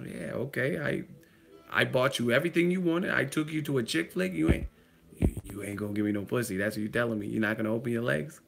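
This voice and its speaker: A man's voice: medium pitch, fast, creaky, lightly acted. A man putting on the voice of a famous actor who snaps at people in indignant, rhythmic rants. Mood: indignant yelling. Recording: music playing underneath.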